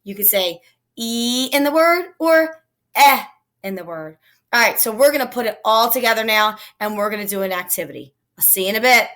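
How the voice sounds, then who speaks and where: A woman's voice: on the high side, animated, brisk, fairly bright tone. A woman teacher giving a recorded phonics lesson to young children, patiently sounding out each word. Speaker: elementary teacher.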